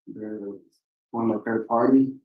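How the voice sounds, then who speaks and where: A man defending himself in court, speaking hesitantly and haltingly to the judge. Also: mid-range voice, steady tone, distant mic, phone-quality sound. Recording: echoey courtroom audio from afar.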